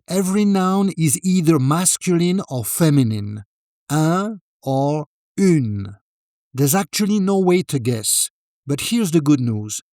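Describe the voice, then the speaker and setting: A man narrating a scripted language lesson as teacher, calm and deliberate, modelling phrases slowly. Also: a little high, no room sound, clean studio sound.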